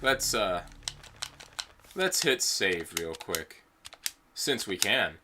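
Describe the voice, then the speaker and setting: A man's voice: lowish voice, sing-song, drawn-out words, noisy background. A man streaming a game and commenting casually, with wry jokes and asides to himself. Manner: wry, joking, talks to himself. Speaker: let's-play streamer.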